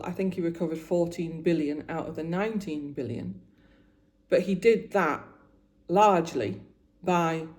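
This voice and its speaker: Warm and mid-range, this woman's voice belongs to a vlogger in her forties. She talks casually about her week as she does her make-up, getting emotional and frequently breaking off to restart.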